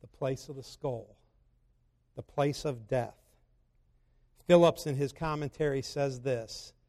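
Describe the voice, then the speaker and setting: A man preaching a sermon who swings between loud, emphatic passages and low, slow scripture reading. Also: big-room sound.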